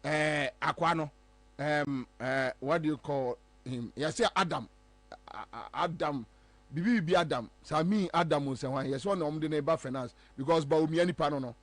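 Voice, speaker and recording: Animated Ghanaian talk show host. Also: male voice, on the high side, normal speed, dry recording. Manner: animated, emphatic, switching between English and Twi. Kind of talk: political commentary.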